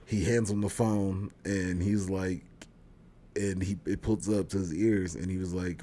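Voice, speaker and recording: A man's voice: low voice, steady tone, measured pace, warm tone, slight background noise. A man co-hosting a review show, casually retelling scenes with lots of fillers and restarts. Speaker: podcast co-host reviewing a TV show. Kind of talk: casual chat.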